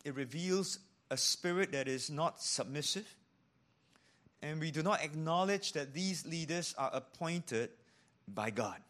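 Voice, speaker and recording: Man, preacher, sermon, a bit high-pitched, animated, hushed asides. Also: a little slow. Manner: animated, drops to hushed tones for emphasis; acts out quoted voices in preaching. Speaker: pastor.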